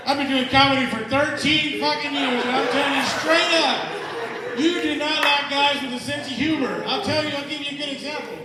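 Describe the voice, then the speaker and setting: High-voiced brash stand-up man. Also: fairly quick, very noisy. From El Paso, Texas. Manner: brash, profane, teasing the crowd. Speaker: stand-up comedian. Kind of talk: stand-up set with crowd work. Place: historic theater stage. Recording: echoey theater hall from far off.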